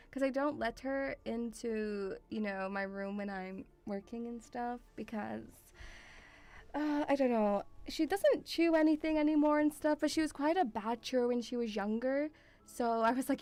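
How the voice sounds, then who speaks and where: A woman's voice: on the high side, a little mellow. A woman streamer chatting casually and rambling, calling her viewers sweetie. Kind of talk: casual live-stream chat.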